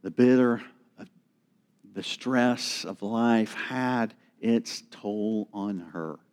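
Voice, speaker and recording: A middle-aged man preaching a sermon, slow and earnest, dropping to a hush for emphasis. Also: lowish voice. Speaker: pastor.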